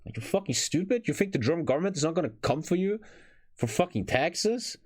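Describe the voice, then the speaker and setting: A man reacting to a video as a streamer, ranting bluntly and swearing, with phlegm in his chest that makes him clear his throat. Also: a little high, sing-song, fairly quick, slight background noise. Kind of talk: casual reaction commentary.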